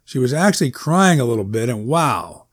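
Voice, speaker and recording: A man's voice: medium pitch, very animated, moderate pace, no echo, studio quality. Wry, conversational male narrator. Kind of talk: audiobook narration.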